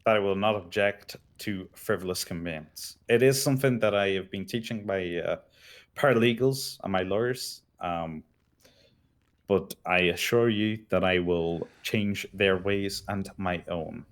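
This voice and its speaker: A man playing a defense attorney in a roleplay. His voice sits fairly low, and he speaks in polished courtroom phrases. He keeps returning to formal address as he argues his case. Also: measured pace. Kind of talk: in-character roleplay.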